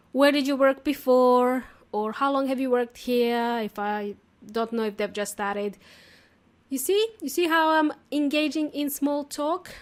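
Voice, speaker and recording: Chatty female podcast host, a bit high-pitched, casual teaching tone with easy laughs. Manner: chatty and talkative, laughs often. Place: lives in Australia.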